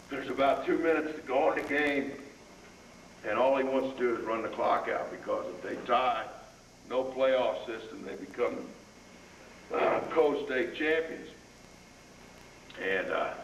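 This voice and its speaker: A man's voice: medium pitch, fairly bright tone. An older male football line coach telling a folksy story, then calling out blocking drills to players on a practice field. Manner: folksy yarn-spinner, barks drill commands. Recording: roomy, distant camera audio with noise.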